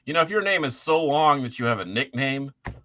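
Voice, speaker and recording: Bright-voiced man, dull lo-fi audio. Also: medium pitch, expressive, a little fast, a little hiss or hum. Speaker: podcast co-host. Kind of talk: casual chat.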